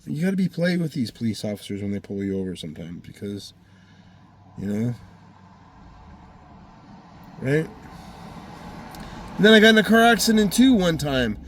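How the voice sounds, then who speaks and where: A man's voice: a little high, big pitch swings, moderate pace, long pauses, slight background noise. Profane, heated man ranting. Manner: profane, heated, rambling retelling. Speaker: vlogger telling a personal story. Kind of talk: casual storytelling monologue.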